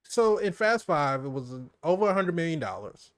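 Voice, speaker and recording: A man talking through a film with a friend, in a voice a little higher than most. The recording is close and dry, with no room sound. He stays animated, laughs easily, and sinks his voice low when he wants to stress something. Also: moderate pace, dry recording. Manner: animated, laughs often, drops low for emphasis. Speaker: movie review co-host. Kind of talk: casual movie review chat.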